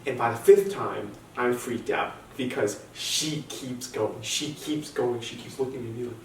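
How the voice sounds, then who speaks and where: A man's voice: mid-range voice, unhurried, hardly any pauses. Young male comic in an echoey room. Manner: animated storytelling, nervous repetitions and restarts. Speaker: stand-up comedian. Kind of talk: stand-up storytelling. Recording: echoey room, distant mic, faint noise.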